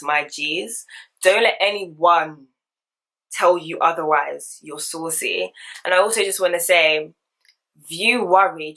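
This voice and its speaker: Young woman, deep-set voice, candid slangy vlogger chat. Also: a little hiss or hum. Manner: candid, slangy, animated storytelling. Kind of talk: casual get-ready-with-me chat.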